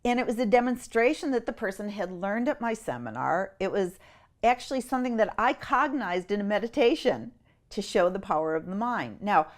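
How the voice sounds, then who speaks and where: A middle-aged woman tells a personal story as an interview guest. She is animated and emotional, with her pitch in the middle of the female range, and she slips into the voices of the people she describes.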